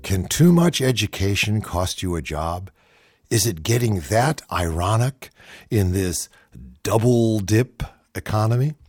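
A man hosts an opinionated talk monologue, his pitch rising and falling in lively swoops. He slips in dry, sardonic asides. The recording is close and dry, with no room sound. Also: measured pace, breathy edge, dry recording.

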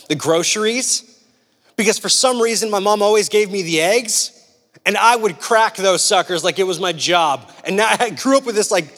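A young man preaching a sermon, mixing scripture with a casual personal story, animated and chatty with lots of "like" and "right?". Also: sits high. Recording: long hall reverb.

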